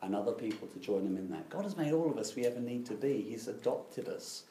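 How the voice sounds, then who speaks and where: A man's voice: fairly low pitch, lively intonation, fast talker, warm tone, echoey room, slight background noise. A middle-aged man preaching a sermon, telling stories with dry, self-deprecating irony.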